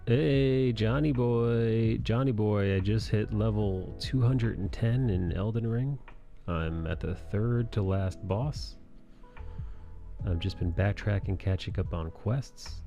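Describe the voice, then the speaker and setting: A man's voice: fairly low pitch, slow, vocal fry, warm tone, lo-fi sound, faint music behind. A man hosting a live stream, chatting casually in a laid-back, joking way with plenty of swearing. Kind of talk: casual chat.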